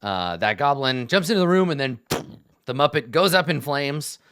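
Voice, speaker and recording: A man narrating as game master in an online tabletop game, relaxed and chuckling, with plenty of uhs and ums. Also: mid-range voice, moderate pace, smooth, dry recording. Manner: relaxed, laughing, many fillers.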